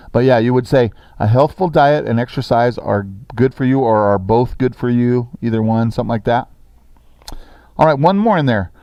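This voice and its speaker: A middle-aged man teaching a sixth-grade language lesson in a classroom, brisk and encouraging, reading sentences slowly for students to copy. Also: medium pitch, darkish tone, no room sound.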